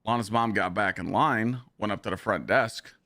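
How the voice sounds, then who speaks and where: A hoarse man with a fairly low voice chats on a live stream and tells a story in an animated way. The sound is close and dry, with no room echo. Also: normal speed. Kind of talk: casual chat.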